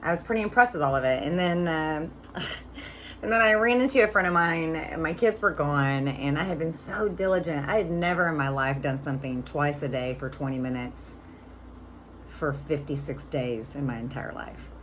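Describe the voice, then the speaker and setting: A woman in her fifties tells a personal story straight to camera, chatty, candid and casual. Her voice sits low in pitch, and a faint background noise hangs under the recording. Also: moderate pace. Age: 50s. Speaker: vlogger.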